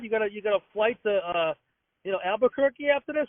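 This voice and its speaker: A man in his fifties with a Boston accent, a comedian ranting in a rambling, excitable way and acting out other people's lines. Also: high-pitched, fast, background noise. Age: 50s. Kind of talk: comic rant. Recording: tinny dry phone line.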